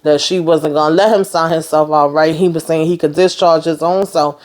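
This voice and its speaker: A woman's voice: low voice, fairly even intonation, normal speed, darkish tone. A woman giving a chatty, casual recap of a TV episode, retelling the scenes by quoting the characters. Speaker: TV show recapper.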